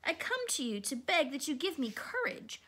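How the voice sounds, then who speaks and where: A woman's voice: sits high, sing-song, normal speed, a bit bright, voice pushed up. A woman voicing a cowardly male lion who pleads in a raised voice. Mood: pleading.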